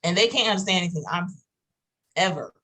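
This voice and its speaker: A woman with a Texas accent, talking quickly with lots of fillers in a casual group video chat. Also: on the low side, lively intonation, bright, forceful tone, poor audio. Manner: fast-talking, fillers and run-on sentences. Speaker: roundtable participant.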